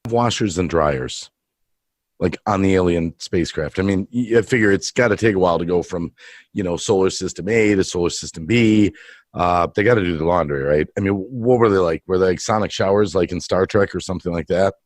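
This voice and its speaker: A man's voice: low-pitched, no room sound. Man streamer, mock interviewer, earnest and rambling, dry close sound. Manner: rambling, halting, asks absurd questions earnestly. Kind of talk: improvised comedy interview.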